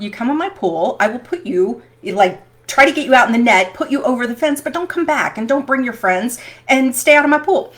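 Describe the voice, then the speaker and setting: Chatty woman, laughing as she tells stories. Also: on the high side. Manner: chatty, laughs often, animated storytelling. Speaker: vlogger. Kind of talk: personal storytelling vlog.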